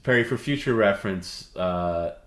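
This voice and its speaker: A man co-hosting a livestream, lecturing with halting restarts. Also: on the low side, expressive. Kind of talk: casual chat. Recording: roomy sound over loud music.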